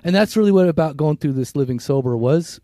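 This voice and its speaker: A man in his fifties co-hosting a podcast, chatting casually in a rambling, reflective way with halting restarts. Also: fairly high pitch, expressive, warm tone, no room sound, studio quality. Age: 50s. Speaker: podcast co-host. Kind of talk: casual chat.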